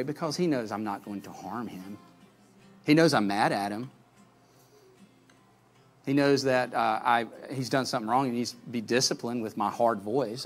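Man, pastor, sermon, earnest, loud to hushed, faint guitar behind. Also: medium pitch. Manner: earnest, swings from loud calls to soft pleading.

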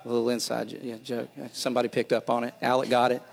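A middle-aged man pastor preaching a sermon, animated, often repeating and restarting words, with dad jokes. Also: mid-range voice, quick pace, creaky.

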